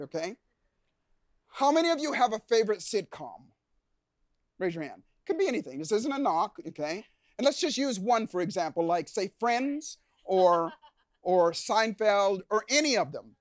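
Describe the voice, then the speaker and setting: Animated male motivational speaker. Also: sits high, no echo, clean studio sound. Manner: animated, asks the audience questions, acts out reactions. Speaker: keynote speaker. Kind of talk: motivational seminar talk to a live audience.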